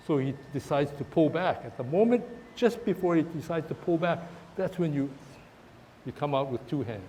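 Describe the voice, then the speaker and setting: A man's voice: medium pitch, warm tone. Guy walking his tai chi class through moves, stop-start talk, a bit of hiss behind. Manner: halting, repeats words, talks while demonstrating moves. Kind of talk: outdoor class instruction. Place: park, outdoors.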